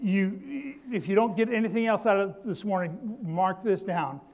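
A man's voice: high voice, moderate pace, few pauses, a little mellow. A man preaching a sermon who calls out to his congregation for response, stumbles through restarts and repeats his key lines. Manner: stammering restarts.

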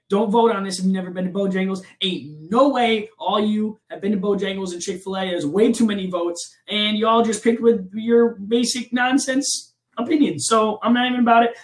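A young man co-hosting a casual podcast, laughing and launching into animated, mock-outraged rants. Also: high voice. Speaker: podcast co-host. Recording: roomy echo.

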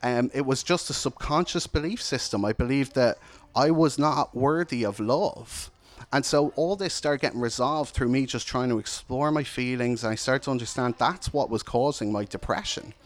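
A man speaking in a candid, earnest, reflective way as he shares his own life story. His voice sits at an ordinary middle pitch for a man, and the talk runs like a plain personal testimony. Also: normal speed.

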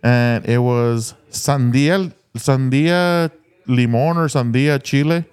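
A middle-aged man swapping stories on a podcast. He talks loosely and swears freely. His delivery turns animated when he gets into a story. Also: mid-range voice, takes it slowly, clean tone. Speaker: podcast co-host. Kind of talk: casual chat.

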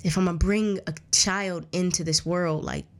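A woman's voice: lowish voice, steady tone, normal speed. Earnest woman telling her story. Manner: earnest, candid, with many restarts; acts out others' words in a raised voice. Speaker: interview guest. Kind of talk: casual personal storytelling.

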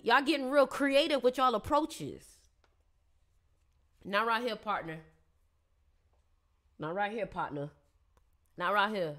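On a casual live stream, a woman with a high, slightly bright voice reads her viewers' astrology. She's chatty, playful and slangy, and she teases her audience.

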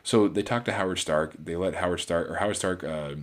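A man's voice: deep voice, a little fast. A man giving a casual, rambling movie review on his channel, full of fillers and restarts.

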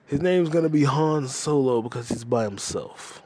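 A man hosting a comedy podcast, ranting casually with lots of profanity and quick jumps between topics. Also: mid-range voice, darkish tone, a little hiss or hum. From United States. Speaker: podcast host.

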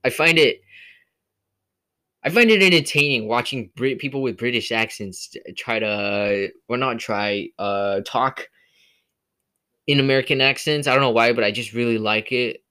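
A man's voice: medium pitch, moderate pace, bright, forceful tone, smooth. A man hosting a casual solo movie review podcast, rambling with many fillers and restarts, from California. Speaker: podcast host.

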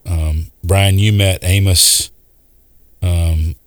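A man's voice: low voice, steady tone, drawn-out words, no echo. A man co-hosting a podcast in casual chat, often chiming in to agree. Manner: warmly agreeing, lots of affirmations. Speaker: podcast co-host.

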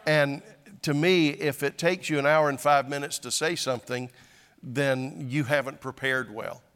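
A man's voice: medium pitch, steady tone, a little slow, fairly bright tone, clean tone, in a large hall. An older man, a pastor, preaching a sermon in a conversational, self-deprecating way with frequent restarts.

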